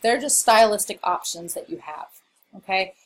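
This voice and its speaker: A woman's voice: mid-range voice, normal speed, slight background noise, rough recording. A woman college English instructor giving a recorded lecture over slides, explaining in a casual way with frequent fillers.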